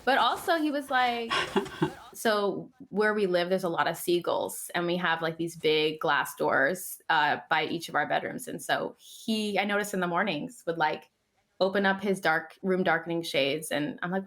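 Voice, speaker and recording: A young woman hosting a podcast, telling stories in a lively casual chat and acting out the quotes. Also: lowish voice, normal speed. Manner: animated storyteller, acting out quotes. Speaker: podcast host. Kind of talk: casual conversation.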